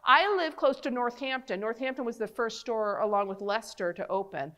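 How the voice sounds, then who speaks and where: A middle-aged woman doctor giving an animated public health talk, chatting directly with her audience. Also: on the high side, a little fast. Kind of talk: lively public health lecture.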